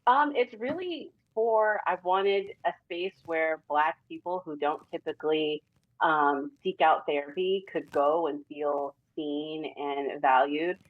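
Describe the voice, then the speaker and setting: Female psychotherapist guest, measured and thoughtful, dull lo-fi video call sound. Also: low-pitched. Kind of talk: talk show interview.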